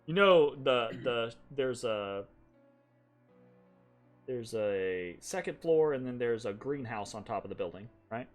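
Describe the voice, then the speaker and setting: A man's voice: medium pitch, lively intonation, slow, faint music behind. A man game master narrating a tabletop game in a chatty way, laughing and restarting often.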